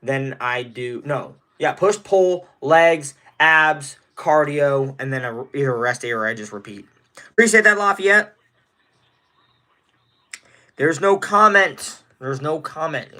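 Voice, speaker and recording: On a casual livestream, a nineteen-year-old from Indiana rambles in a medium-pitched, fairly bright voice. He keeps greeting people in the chat by name.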